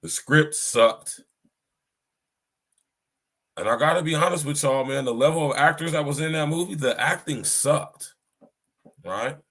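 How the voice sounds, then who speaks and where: A man's voice: on the high side, normal speed, fairly bright tone. A man hosting a podcast in a blunt, casual way, full of slang and repeating himself. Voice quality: blunt, slangy and repetitive, often adds "you hear me". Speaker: podcast host. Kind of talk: casual chat.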